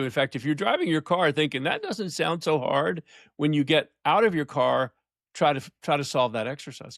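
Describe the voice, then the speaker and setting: An older man, a leadership coach, telling stories in a podcast interview, emphatic and slowing down to stress points. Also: fairly high pitch, dry recording, clean studio sound. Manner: emphatic storyteller, slows for emphasis, laughs often.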